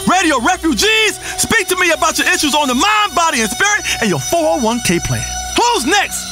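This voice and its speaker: An actor playing an erratic, self-important male radio health guru who rambles and swings between crooning and shouting. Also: very high voice, sing-song, a little fast, over music. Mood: grandiose. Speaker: radio health show host. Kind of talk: comedic radio talk show performance.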